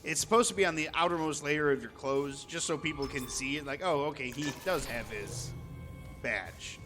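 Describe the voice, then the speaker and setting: A man's voice: on the high side, moderate pace, over music. A man streaming live, telling a story casually, chatty and swearing freely as he acts out what people said. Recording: long reverb, faint background noise.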